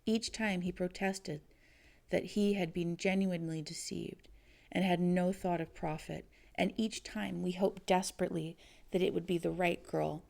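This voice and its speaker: A woman reading aloud voices a dignified father, speaking in a measured, solemn and reproachful way. The tone is low, dark and gravelly. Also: fairly even intonation. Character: grave, gentle father, stern toward an impostor.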